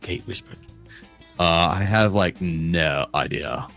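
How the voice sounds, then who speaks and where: Deep gravelly man reading aloud. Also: takes it slowly, fairly bright tone, soft background music. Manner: giggly, breaks into laughter while reading. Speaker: podcast host and reader. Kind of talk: reading an AI story aloud with friends.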